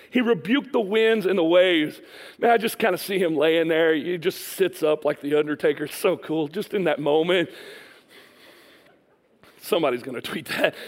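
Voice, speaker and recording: Animated high-voiced male preacher. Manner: animated storytelling, acts out voices, laughs often. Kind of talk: sermon.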